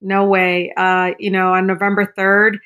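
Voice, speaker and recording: A woman politician in a casual interview, telling lively stories and acting out the voices of people she met. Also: mid-range voice, unhurried. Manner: animated, acts out quoted dialogue, laughs often. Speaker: congresswoman and guest.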